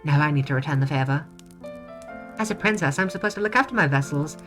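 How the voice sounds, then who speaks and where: A woman voicing a sweet, playful young princess in a soft, coaxing, slightly hoarse voice while reading a visual novel aloud. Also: deep voice, lively intonation, fast talker, faint music behind, pitched above the performer's own voice. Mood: tender.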